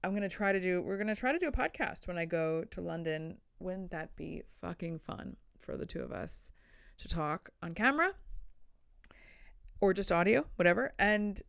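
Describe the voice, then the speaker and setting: A woman's voice: fairly low pitch, animated, normal speed, vocal fry, fairly bright tone, clear, resonant tone, dry recording, clean studio sound. A young adult woman hosting a casual solo comedy podcast, rambling and blunt with self-deprecating asides, sitting on the floor indoors.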